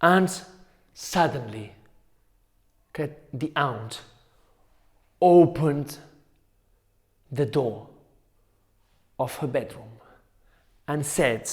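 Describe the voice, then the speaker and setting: A male teacher telling a folk tale to schoolchildren, slow and repetitive with dramatic pauses. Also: mid-range voice, a little mellow. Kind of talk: storytelling for children.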